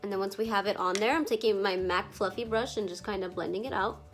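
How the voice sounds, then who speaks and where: A woman's voice: medium pitch, quick pace, faint music behind. Chatty congested young woman vlogger. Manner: chatty, lots of "like" fillers, casual swearing. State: a little congested from allergies. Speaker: beauty vlogger. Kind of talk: makeup tutorial narration.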